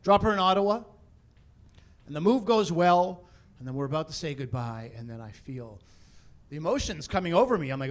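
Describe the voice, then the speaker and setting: A man in his forties performing a stand-up comedy set on a theatre stage, animated and exasperated, rising to shouts on his punchlines. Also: fairly high pitch, fairly quick, long pauses. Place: theatre stage before a live audience.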